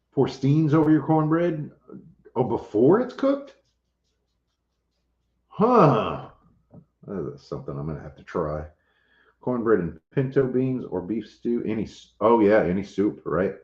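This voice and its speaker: A man hosting a casual livestream, chatting with viewers in a laid-back, joking way. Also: mid-range voice. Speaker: homestead channel host. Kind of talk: casual livestream chat, reading viewer comments. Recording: roomy, dull lo-fi audio.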